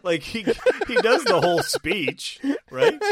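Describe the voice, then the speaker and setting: A man's voice: high voice, wildly swooping pitch, measured pace, fairly bright tone. A man in casual, profane chat, recapping a movie and acting out its characters with laughter.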